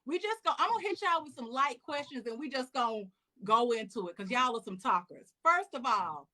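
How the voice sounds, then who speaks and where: A woman hosting a casual video-call chat, telling stories in an excited, animated way. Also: a little high, fairly quick. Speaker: host.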